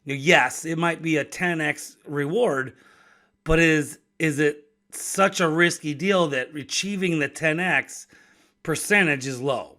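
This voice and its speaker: A man's voice: a little high, slow, pushed and bright. A man in his fifties from Wisconsin, hosting a casual solo talk about business risk, conversational and given to restarting his words. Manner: conversational, repeats and restarts words, laughs between thoughts. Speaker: podcast host and business owner.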